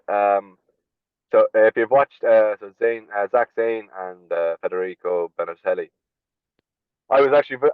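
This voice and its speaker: An Irish slap fighter appears as a podcast guest, telling stories bluntly and casually, swearing freely and chuckling along the way. His voice is low and smooth, heard over a dry, tinny phone-like line with no echo.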